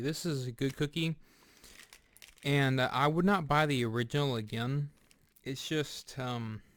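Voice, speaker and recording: A man giving a casual snack review, speaking deliberately and pausing often with fillers and restarts. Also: medium pitch, dry recording. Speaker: food reviewer. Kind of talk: casual product review vlog.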